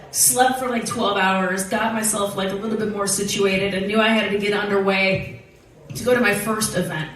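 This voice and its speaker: Animated woman telling a story in an echoey hall. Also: mid-range voice, far from the mic, a little hiss or hum. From United States. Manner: animated, casual and profane, laughing through the tale. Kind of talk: live storytelling.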